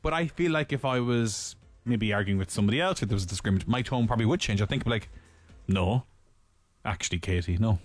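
A man with an Irish accent, co-hosting a morning radio show in excitable, joking chat. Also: medium pitch, fast, few pauses, soft background music. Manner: excitable, laughing banter. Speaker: radio host. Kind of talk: casual chat.

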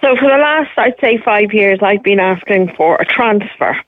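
Middle-aged woman, radio caller, phone-line sound, matter-of-fact, pausing. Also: mid-range voice, no room sound. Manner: steady, matter-of-fact, with pauses and ums.

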